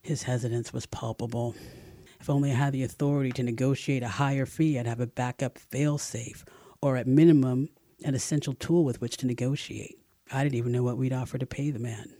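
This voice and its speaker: A man narrating a first-person memoir in an expressive audiobook reading, close to the mic. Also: medium pitch, a little fast, dry recording.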